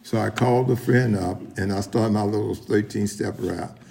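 A man's voice: fairly low pitch, moderate pace, vocal fry, dark tone, slight background noise. A middle-aged man sharing his story at a recovery meeting, rambling with many restarts and talking straight to the room. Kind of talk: personal testimony at a meeting.

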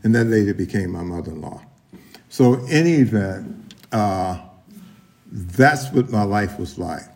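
Gravelly man rambling through a testimony. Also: on the low side, animated, a little slow, a little mellow. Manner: rambling, repeats and restarts, addresses the room. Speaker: recovery meeting speaker. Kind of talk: personal testimony at a meeting.

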